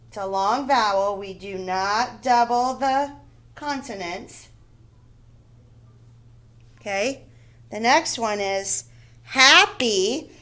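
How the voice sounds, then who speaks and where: A woman's voice: a little high, a bit bright. A woman teaching a recorded phonics lesson to first graders, spelling words out letter by letter and checking in with "okay?" and "right?".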